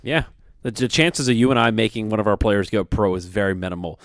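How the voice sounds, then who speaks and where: A man's voice: on the low side, a little fast, no echo. A man co-hosting a radio sports show, talking in an earnest, rambling way about coaching, with plenty of fillers. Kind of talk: casual radio talk.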